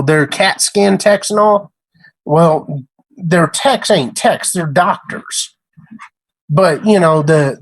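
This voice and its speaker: A man's voice: a little high, vocal fry, husky, rough recording. A man who works as a computer repair tech, talking in an emphatic, rambling casual rant that repeats itself.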